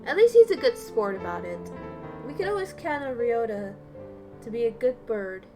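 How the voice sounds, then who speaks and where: A woman streamer reading a visual novel aloud and reacting excitedly with commentary. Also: fairly high pitch, moderate pace. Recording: game music playing underneath.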